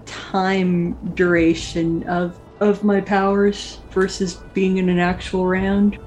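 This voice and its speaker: A woman's voice: mid-range voice, level tone, takes it slowly, darkish tone, faint music behind. A woman playing a tabletop game, asking matter-of-fact questions. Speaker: player. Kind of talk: casual tabletop play.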